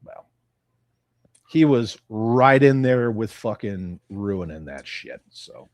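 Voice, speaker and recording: Ranting American man with a lively voice. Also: on the low side, slow pace, dry recording. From United States. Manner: profane, blunt, ranting. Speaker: livestream host. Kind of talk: casual livestream chat, reading comments.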